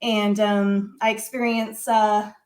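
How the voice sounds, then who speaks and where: A woman, a guest on a talk show, telling a personal story in an animated conversational way with many filler words. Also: mid-range voice, takes it slowly. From United States. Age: adult.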